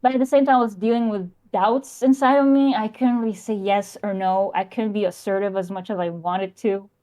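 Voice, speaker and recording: A young adult woman calling in over a voice call, talking in a halting way that often trails off. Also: mid-range voice, steady tone, mellow, rough recording. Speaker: caller. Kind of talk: casual call-in chat.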